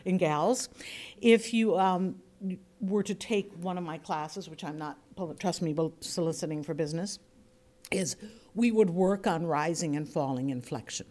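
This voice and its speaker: Woman from the US, workshop instructor; conversational and demonstrative, plays with pace and pitch to make points. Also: measured pace, a little mellow. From United States. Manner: chatty, demonstrative, shifts pace and inflection to illustrate points. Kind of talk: workshop lecture to a group.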